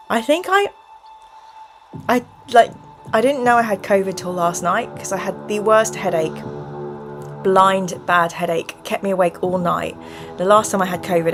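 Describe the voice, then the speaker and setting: A woman hosting a live stream from home, chatting in rambling asides and reading an adventure book aloud. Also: mid-range voice. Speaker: host. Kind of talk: live-streamed gamebook play and chat.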